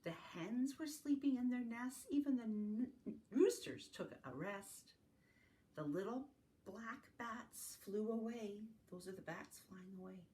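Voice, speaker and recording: A woman reading farm-animal picture books aloud to young children in a slow, sing-song storytime manner, adding animal sounds along the way. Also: medium pitch, expressive, dark tone. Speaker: family literacy facilitator. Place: home, recorded for an online circle.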